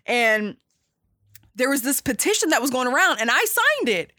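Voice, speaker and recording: Animated rambling woman podcast host. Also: sits high, moderate pace, dry recording, studio quality. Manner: animated, rambling with many fillers and restarts; swears casually, emphatic. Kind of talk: casual chat.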